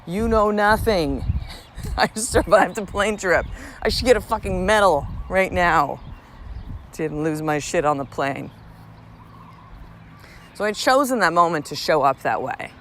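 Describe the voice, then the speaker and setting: A woman's voice: fairly low pitch, lively intonation, unhurried, long pauses, fairly bright tone, a little hiss or hum. A woman in her thirties hosting a solo podcast in a casual monologue, blunt and profane, telling stories with lots of animation. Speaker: podcast host.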